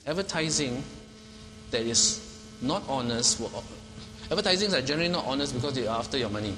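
A man preaching a sermon, emphatic and animated, often repeating words and laughing as he talks. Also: medium pitch, fairly quick, big-room sound, background noise.

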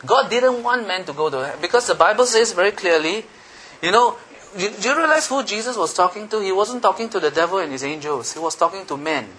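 Male preacher, high bright voice, emphatic and repetitive, engages the crowd with questions. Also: expressive, a little fast, slight background noise. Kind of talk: sermon.

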